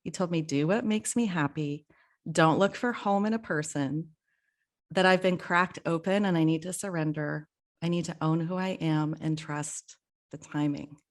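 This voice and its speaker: Woman, middle-aged, podcast host, casual heartfelt chat, somewhat low voice, laughs often. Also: moderate pace. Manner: warm, emotional, laughs often.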